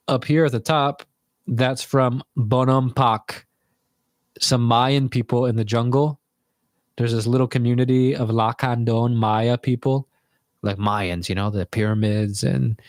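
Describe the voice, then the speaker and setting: A man's voice: mid-range voice, no echo, clean studio sound. A young man telling a rambling, casual story to viewers from his bedroom, swearing freely as he goes. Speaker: vlogger.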